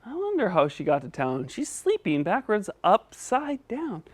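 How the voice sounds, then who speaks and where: A man's voice: high-pitched, huge pitch swings, measured pace, dry recording. Patient man coaching a puppet. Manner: patient and encouraging. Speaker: host. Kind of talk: children's speech lesson with a puppet.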